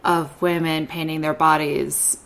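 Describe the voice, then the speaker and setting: Casting: woman podcast host, low voice, encouraging, asks warm open questions. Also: flat delivery, a little slow, vocal fry. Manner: encouraging listener with short murmured backchannels. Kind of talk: casual interview.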